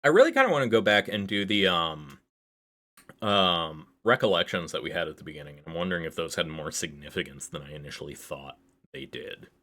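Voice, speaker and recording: Low-voiced man chatting through a game stream. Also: expressive, brisk, pushed and bright. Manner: rambling and chatty, reads game text aloud. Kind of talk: casual livestream commentary while playing a visual novel.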